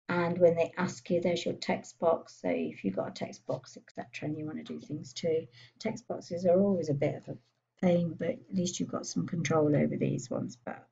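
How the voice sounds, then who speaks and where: A woman giving a chatty software tutorial, thinking aloud as she clicks through menus. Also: low voice, gravelly, husky, muffled recording. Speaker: computer skills tutor. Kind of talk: screen-recorded software tutorial.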